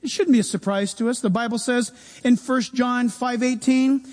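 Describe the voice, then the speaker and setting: A man preaching a sermon as pastor, animated, with humorous asides. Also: extremely high pitch, moderate pace. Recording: long hall reverb.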